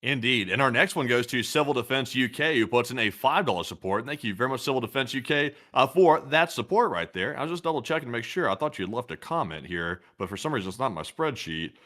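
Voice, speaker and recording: A man's voice: mid-range voice, animated, fast, hardly any pauses, a bit bright. A man co-hosting a channel, dropping dry joking asides into casual chat. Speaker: co-host of a news commentary channel.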